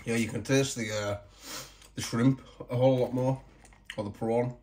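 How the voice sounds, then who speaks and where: A man doing casual taste-test commentary as a food vlogger, chatty and self-mocking, who keeps clearing his throat. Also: mid-range voice, fairly even intonation, normal speed, a little mellow.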